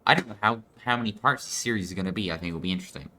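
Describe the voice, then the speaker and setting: A man's voice: lowish voice, racing, noisy background. A man giving loose, rambling commentary while playing a video game, swearing now and then. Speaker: let's player. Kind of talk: casual gameplay commentary.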